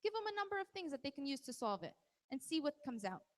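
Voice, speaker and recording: A woman's voice: sits high, big pitch swings, fast. A woman presenting a parenting workshop to a live audience, talking conversationally and teasing people in the crowd by name. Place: large hall at a live event. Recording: long hall reverb.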